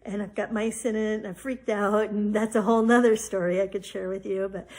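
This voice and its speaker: A woman in her forties hosting a podcast, telling a personal story in a chatty, animated way with many fillers. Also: mid-range voice, a little fast. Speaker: podcast host. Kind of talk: personal story, casual spiritual talk.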